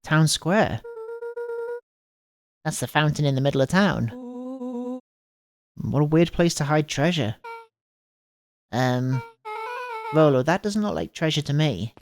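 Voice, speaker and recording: Deep-ish lady gamer, slow and super animated, goofing around reading characters, faint music behind. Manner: jokey, laughs often, reads kids' lines with voices. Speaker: streamer playing the game. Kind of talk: playful let's-play commentary and character reading.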